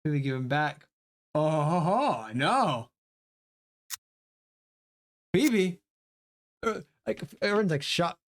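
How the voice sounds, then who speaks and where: A man streaming live, reacting to a story game in an excitable, swearing, laughing way. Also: on the high side, slow pace, long pauses.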